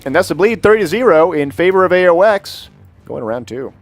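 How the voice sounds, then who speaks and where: A man calling live esports play-by-play, excitable and jokey, reading viewer chat aloud between plays. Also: a little high, brisk, soft background music. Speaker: esports commentator.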